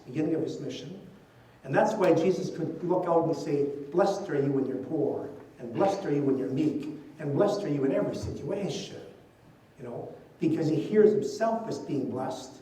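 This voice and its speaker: A man's voice: fairly high pitch, warm tone. An older man, a priest, giving a conversational talk full of stories and "you know" asides. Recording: distant mic in an echoey hall.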